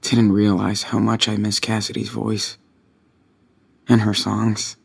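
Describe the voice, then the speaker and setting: An actor playing a weary teenage boy on the run, musing quietly in a wry inner monologue for a video game. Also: lowish voice, monotone, slow, vocal fry, slightly rough, exaggerated voice. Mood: wistful.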